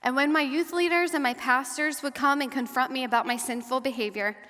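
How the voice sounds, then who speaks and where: A woman giving a personal testimony talk to an audience, earnest and measured, slowing and going softer at the hard parts. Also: high voice, steady tone. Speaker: guest speaker and survivor advocate. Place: large hall or church. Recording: long hall reverb.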